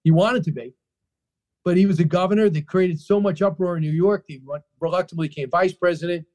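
A man being interviewed about his book, answering in an animated storytelling way, emphatic and full of restarts and repeated phrases. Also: sits high, fast.

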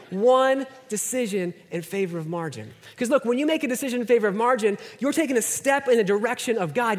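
A man in his thirties preaching a conversational, self-deprecating sermon, often dropping to a near-whisper for emphasis. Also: sits high. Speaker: pastor. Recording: long hall reverb.

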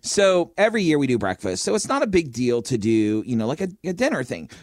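A middle-aged man from Florida, a podcast host, telling an animated story in casual chat with a chuckle now and then. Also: mid-range voice, a little fast, no echo, clean studio sound.

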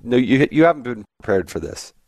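A man hosting a podcast, telling stories in a casual, chatty way and teasing his guest with quick questions. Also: mid-range voice, very animated, a little mellow, no room sound, clean studio sound. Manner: chatty, teasing, with frequent restarts. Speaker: podcast host. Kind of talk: casual conversational storytelling.

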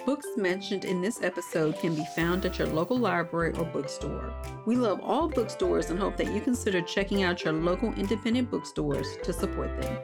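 A woman's voice: on the low side, animated, fairly quick, vocal fry, few pauses, over music. A woman host reading a scripted children's story and the show's closing notes.

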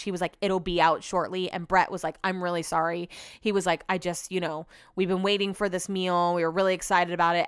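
A woman's voice: medium pitch, a bit bright, clear, resonant tone, no room sound, clean studio sound. A woman hosting a podcast at home, telling a story in a chatty way and acting out what other people said. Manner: chatty, acts out others' lines with "he was like". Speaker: podcast host. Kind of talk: casual solo storytelling. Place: room in her home.

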